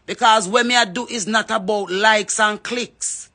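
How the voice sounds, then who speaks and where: A woman's voice: mid-range voice, fairly even intonation, unhurried, pushed and bright. A Jamaican woman giving an impassioned address, fervently calling on others by name to speak up. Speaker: reggae artist.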